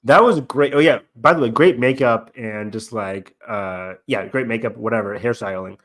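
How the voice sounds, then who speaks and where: A man's voice: mid-range voice, normal speed, a bit bright. A young man co-hosting a casual review chat, rambling with lots of fillers and acting out lines he quotes. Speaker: podcast co-host.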